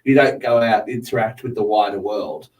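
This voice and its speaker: A man's voice: lowish voice, a little fast. A man co-hosting a casual chat, full of jokes and puns. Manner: joking, punning. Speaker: co-host. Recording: distant mic.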